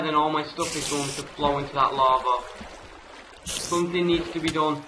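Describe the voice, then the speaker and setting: A man commenting on his own gameplay in an excitable way, yelping and raging at enemies. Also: fairly high pitch, normal speed, a little hiss or hum, low-quality recording. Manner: excitable, yelps and rages at enemies. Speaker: gamer. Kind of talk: let's play commentary.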